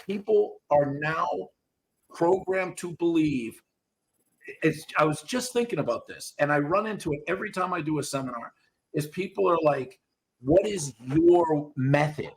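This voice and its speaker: Male dog trainer, podcast regular; blunt and profane, husky timbre. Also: a little high, animated, normal speed. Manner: blunt, swears freely. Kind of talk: casual coaching chat.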